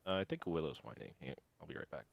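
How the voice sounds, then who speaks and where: A man's voice: a bass voice, lively intonation, quick pace, gravelly, no room sound. A man playing a tabletop game, joking playfully with the group. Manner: playful, jokey. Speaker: player. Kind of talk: casual gaming chat.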